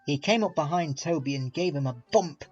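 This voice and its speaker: A man reads a children's storybook aloud in a measured, expressive way. His voice sits fairly high. The sound is slightly dull, and faint music runs underneath. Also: slightly rough. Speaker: narrator. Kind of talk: storybook reading.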